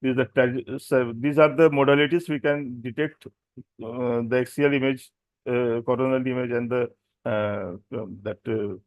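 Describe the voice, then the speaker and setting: Indian-accented man, doctor lecturing, halting delivery, mid-pitched voice, dry close sound. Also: fairly even intonation, no room sound, lo-fi sound. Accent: Indian English. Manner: hesitant, many fillers and self-corrections. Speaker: doctor presenting at a medical symposium. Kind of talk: technical lecture.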